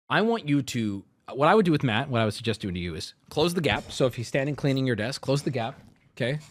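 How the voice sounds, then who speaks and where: A man riffs through casual stream commentary full of crude jokes, swinging from loud rants to low mutters. The recording has no echo.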